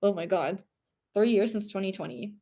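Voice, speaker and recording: A woman's voice: mid-range voice, moderate pace, mellow. A young woman streamer chatting casually and rambling, reading chat aloud and laughing often.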